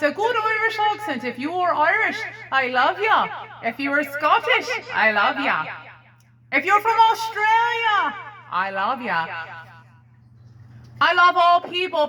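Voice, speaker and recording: A woman talks into a karaoke mic with an echo, in a high, bright voice. She takes her time, drawing out a free-flowing comedy ramble. She plays it theatrical, working the crowd with "ladies and gentlemen.". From Brooklyn, New York. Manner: theatrical, addresses the audience as "my friends" and "ladies and gentlemen". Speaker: comedy vlogger. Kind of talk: rambling stream-of-consciousness comedy monologue. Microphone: handheld karaoke microphone.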